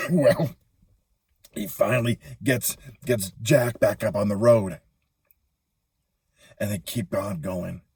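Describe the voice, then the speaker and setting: Man, children's storyteller, animated, husky, dry close sound. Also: lowish voice, slow pace, pauses often, no echo. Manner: animated, playful. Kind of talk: children's Bible story telling.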